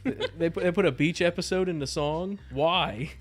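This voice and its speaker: A man hosting a casual album review podcast, playful and animated as he moves through songs. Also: on the high side, moderate pace, faint music behind. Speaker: podcast host.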